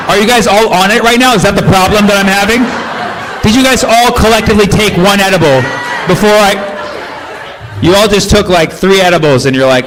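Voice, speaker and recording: A male stand-up comedian working the crowd with animated, teasing banter on a club stage. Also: sits high. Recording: live stage recording with crowd noise. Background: audience laughter.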